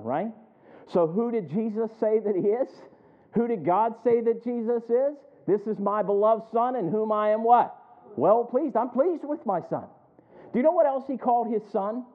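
A man preaching a sermon, drawing responses from his listeners and reading scripture slowly and with emphasis. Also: high voice. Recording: tinny phone-like sound.

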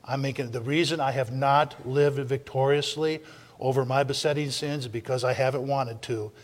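A man preaching a sermon, repeating his lines for emphasis and swinging between loud shouts and low, intense stretches. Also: fairly even intonation, moderate pace, big-room sound. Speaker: pastor.

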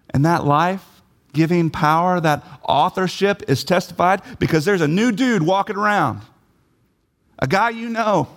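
A man preaching a sermon, emphatic, repeating key phrases and putting questions to his listeners. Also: high-pitched.

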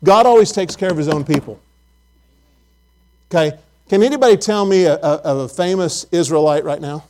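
A man's voice: fairly high pitch, moderate pace, darkish tone. A man preaching a Bible lesson, asking his listeners questions and often repeating words as he goes.

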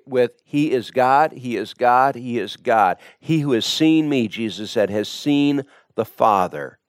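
A man preaching a sermon, emphatic and repetitive, building his points through deliberate repetition. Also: on the high side, smooth, no room sound, studio quality.

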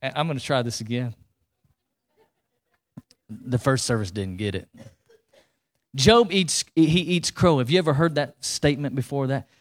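A man preaching a sermon in a lively, colloquial way, full of rhetorical questions and asides to the congregation. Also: mid-range voice, moderate pace, long pauses. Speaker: pastor.

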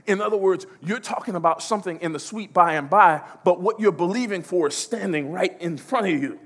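A man preaching a sermon, emphatic and repetitive, swinging between loud declarations and hushed passages. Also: high voice, fairly quick, few pauses.

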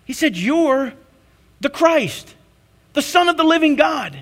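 A man preaching a sermon, questioning his listeners and answering himself, with swings between loud emphasis and hushed intensity. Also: very high voice, very animated, slow. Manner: asks the congregation questions and answers them himself. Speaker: pastor.

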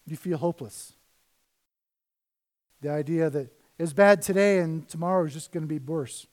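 A man preaching a conversational sermon as pastor, swinging between loud emphasis and quiet asides. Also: fairly high pitch, moderate pace. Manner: conversational preaching, rises and drops in volume.

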